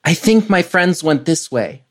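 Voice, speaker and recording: A brisk, practical young adventurer, player-voiced. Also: mid-range voice, lively intonation, voice pushed up. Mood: firm. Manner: brisk and matter-of-fact. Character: Piran, a young male adventurer, practical and steady.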